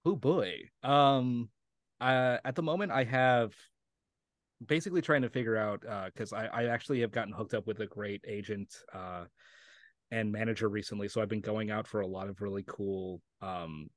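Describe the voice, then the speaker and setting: A man's voice: lowish voice, steady tone, normal speed, no echo, studio quality. A young man from New Mexico, an actor guest talking casually in an interview, rambling with lots of fillers and frequent laughs. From Santa Fe, New Mexico.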